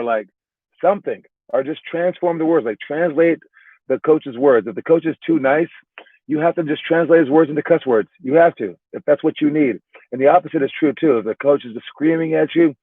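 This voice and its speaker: A man coaching basketball talks to his young players in a loose, rambling way, full of restarts and "all right?" checks. His voice sits at a middling pitch. The sound is thin and phone-like, with no room echo at all. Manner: rambling, repeats words, keeps adding "all right?". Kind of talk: casual motivational talk to young players. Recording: narrow phone-like sound, dry.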